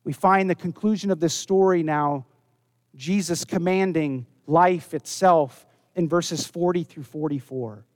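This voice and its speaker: A man preaching a sermon, earnest, dropping low and soft when he quotes scripture. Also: unhurried, no echo, clean studio sound. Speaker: pastor.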